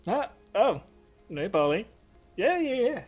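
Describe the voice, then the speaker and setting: A man running a tabletop game, casual and rambling, with swearing dropped into his narration. His voice is a little high, and faint music plays underneath. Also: big pitch swings, takes it slowly, darkish tone. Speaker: game master.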